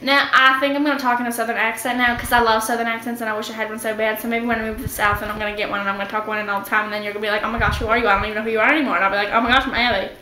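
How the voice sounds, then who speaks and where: A woman's voice: on the high side, flat delivery, racing, hardly any pauses, pushed and bright, echoey room, a little hiss or hum. A girl chatting in a rambling, playful, dramatic way in a casual home video. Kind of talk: silly casual chat.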